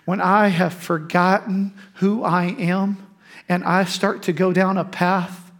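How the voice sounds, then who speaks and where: A man preaching a sermon as pastor, emphatic and animated, breaking into laughing asides. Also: high voice, slow.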